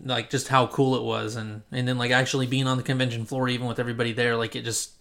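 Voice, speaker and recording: A man hosting a casual podcast, talking at a middling pitch. He rambles along, full of ums and restarts. He is from Central California. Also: level tone, quick pace, gravelly, fairly bright tone. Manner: rambling, many fillers and restarts. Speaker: podcast host. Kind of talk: casual chat.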